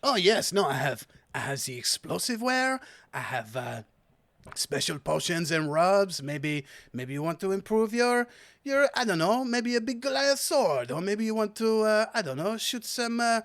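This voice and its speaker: A man's voice: sits high, normal speed, no room sound, voice pushed up. A man voicing a fawning, mustachioed male merchant with a put-on French accent. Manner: flattering, theatrical.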